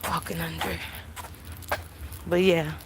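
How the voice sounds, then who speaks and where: A middle-aged woman hosting a livestream, telling stories in an animated, emphatic way, with plenty of swearing, while she walks outdoors and talks into her phone. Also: deep voice, takes it slowly, background noise. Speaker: livestream host. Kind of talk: casual storytelling chat. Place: outdoors, walking through town.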